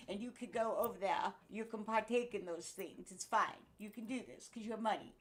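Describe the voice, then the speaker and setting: A woman's voice: mid-range voice, lively intonation, normal speed. A woman of about sixty ranting in casual home-video talk, swearing freely and laughing between angry outbursts. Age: 60s. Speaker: vlogger. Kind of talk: angry casual rant to camera.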